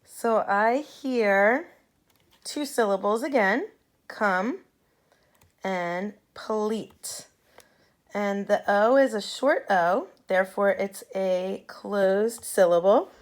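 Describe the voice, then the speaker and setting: A woman teacher giving a patient phonics lesson to young students, modeling sounds clearly for them to repeat. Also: medium pitch, slow pace.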